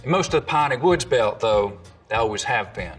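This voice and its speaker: A man's voice: mid-range voice, lively intonation, fairly quick, a bit bright, distant mic. Male dialect coach, scripted explainer narration, heard off-mic over faint music. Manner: explanatory, demonstrates sounds.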